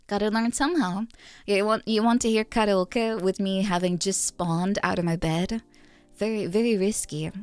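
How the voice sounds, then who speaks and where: A woman's voice: mid-range voice, fairly even intonation, normal speed, darkish tone, clean tone, no echo, soft background music. A woman streaming from her apartment in Japan, chatting casually, laughing often and poking fun at herself.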